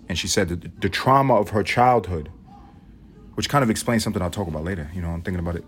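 A young man from New York City telling rambling, profane stories on his solo podcast. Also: slight background noise. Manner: rambling, profane, muses aloud; mimics his grandmother in a high voice. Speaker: podcast host. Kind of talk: casual solo storytelling.

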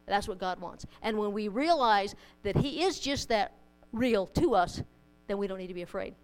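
Smooth-voiced woman preaching a sermon. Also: medium pitch, expressive, normal speed, poor audio. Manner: conversational, with homely anecdotes and humor. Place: church in front of a congregation.

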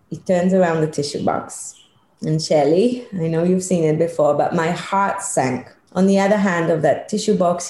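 A middle-aged woman, a leadership consultant, telling a personal story in an interview, animated and emphatic. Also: lowish voice, a little hiss or hum. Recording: echoey room.

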